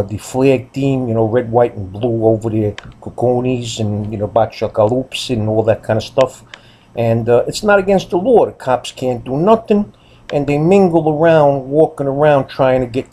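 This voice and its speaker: A man's voice: mid-range voice, warm tone, a little hiss or hum. A man telling a rambling story to his viewers, blunt and profane, full of "you know" and "I mean.". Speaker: vlogger. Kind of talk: casual storytelling monologue.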